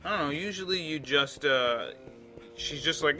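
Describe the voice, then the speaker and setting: Bright-voiced rambling let's play man. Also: a little high, normal speed, slight background noise. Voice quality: rambling, chatty, frequent restarts. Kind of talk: casual game commentary.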